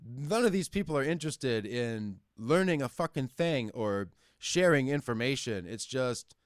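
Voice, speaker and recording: A man in his thirties rants freely as host of a call-in show, swearing through nearly every sentence. His voice sits at an ordinary middle pitch, close and dry with no room sound behind it. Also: a little slow, dry recording. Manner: profane, ranting, animated. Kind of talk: casual rant. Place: lives in the Upper Midwest.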